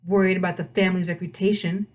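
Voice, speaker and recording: A woman's voice: on the low side, flat delivery, quick pace, close to an everyday voice. A woman reading aloud and voicing a moody teenage girl artist who answers back sharply. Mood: sullen. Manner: sulky, sharp-tongued.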